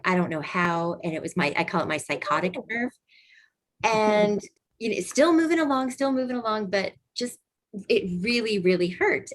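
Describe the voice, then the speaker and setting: A woman co-hosting a casual wellness chat, telling lively personal anecdotes and acting out what people said. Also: medium pitch. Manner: lively anecdotes, acts out quoted voices. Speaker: co-host of a wellness group chat.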